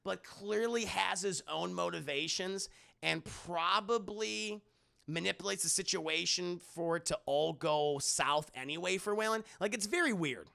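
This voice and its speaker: A man's voice: high-pitched, unhurried, creaky, bright, forceful tone. A young man casually reviewing a film for his live chat, rambling and swearing with lots of fillers. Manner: rambling and profane, many fillers.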